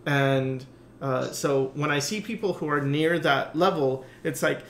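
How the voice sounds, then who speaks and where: A slightly higher-voiced man hosts a relaxed podcast chat. He muses out loud, wanders off his point, and fills the gaps with ums and uhs. His voice rings with a noticeable roomy echo. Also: a little slow, slight background noise. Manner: rambling, musing with many fillers. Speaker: podcast host. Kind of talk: casual conversation.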